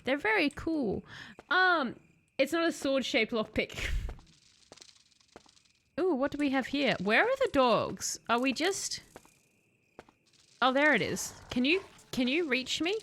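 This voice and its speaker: A young woman streamer gives chatty, sarcastic let's-play commentary, addressing both the game's hero and her chat. Her high voice is sing-song and fairly bright, unhurried, with long pauses.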